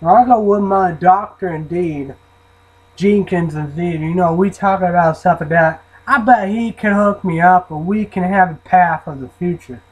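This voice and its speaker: A man's voice: sits high, moderate pace, husky, rough recording. A man rambling and swearing in a casual vlog, often trailing off into mumbles. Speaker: vlogger reviewing an energy drink.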